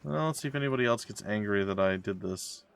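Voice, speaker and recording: A man's voice: on the low side, fast talker, vocal fry, clear, resonant tone. A man giving casual, wry commentary while playing a game and reading its dialogue aloud. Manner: wry, joking asides. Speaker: let's play gamer.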